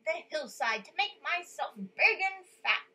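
A woman's voice: sits high, very animated, measured pace, sharp tone, pitched above the performer's own voice, exaggerated voice. A woman voicing the middle billy goat in a children's storybook reading, a male goat begging not to be eaten. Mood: bold. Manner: pleading.

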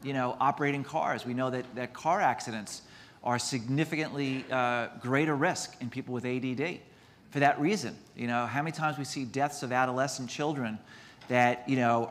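A man's voice: medium pitch, fairly bright tone, big-room sound. A man, a doctor, giving a conference lecture in a chatty, self-deprecating way, mixing medical points with stories.

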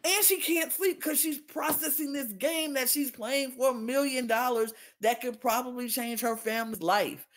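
A woman's voice: moderate pace, hardly any pauses. A woman co-hosting a podcast in a casual recap chat, indignant and venting, acting out the quotes she retells. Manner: animated, acts out quotes with big pitch jumps. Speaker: podcast co-host.

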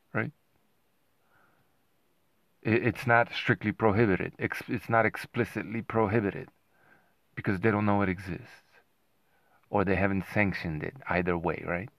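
A man's voice: low voice, no room sound, lo-fi sound. A man giving a sarcastic, combative commentary, constantly asking "right?" as he argues. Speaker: boxing commentator. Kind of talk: ranting commentary to camera.

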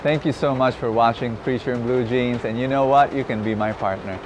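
A man's voice: medium pitch, steady tone, fairly quick, a little hiss or hum. A man, a preacher, invites viewers to support his ministry and prays a blessing over them. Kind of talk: ministry appeal and blessing prayer.

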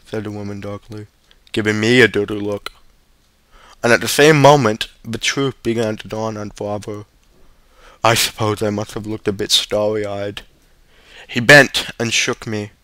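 A man reading a short story aloud, steady but stumbling now and then. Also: lowish voice, moderate pace, no room sound. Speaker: reader.

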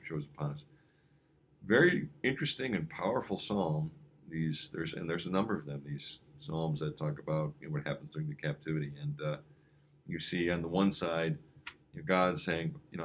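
A man's voice: a bass voice, slight background noise. A man preaching a conversational evening devotion as a pastor, talking loosely with frequent fillers and restarts. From United States. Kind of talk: informal devotional sermon.

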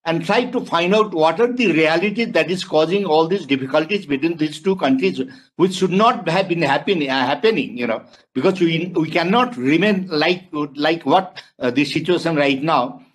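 Male panelist, fairly high pitch, hesitant and searching for words, on a video call. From Nepal. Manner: halting, searching for words, rhetorical questions. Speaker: webinar panelist. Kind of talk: panel discussion remarks.

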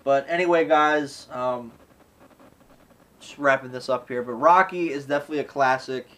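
A man's voice: medium pitch, moderate pace, fairly bright tone, poor audio. Rambling man reviewing a movie. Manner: rambling, full of "you know" and "like", acts out quoted lines. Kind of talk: casual spoken film review.

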